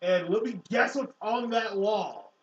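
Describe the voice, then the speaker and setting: A man's voice: high voice, unhurried. A young man giving sarcastic, incredulous commentary, swearing often. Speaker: co-host. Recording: dull, echoey room from a distant mic.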